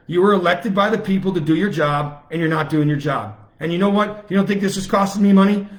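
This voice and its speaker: A man delivering an impassioned live-stream rant, with fiery, repetitive, emphatic outbursts. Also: sits high. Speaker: political commentator on a live stream. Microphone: phone or webcam, self-recorded.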